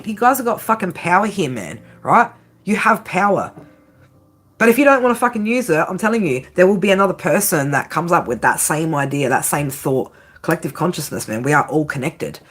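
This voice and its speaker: A woman's voice: on the low side, animated, normal speed, a bit bright, husky. A woman tarot reader giving a blunt, profane pep talk, peppering her lines with "right?" and "okay?". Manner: repeats "right?" and "okay?" constantly. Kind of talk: tarot reading monologue.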